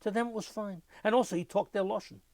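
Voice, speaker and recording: An older man, telling lively anecdotes in an oral history interview and mimicking sounds as he goes. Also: high voice, fast, no room sound. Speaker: interviewee, musician.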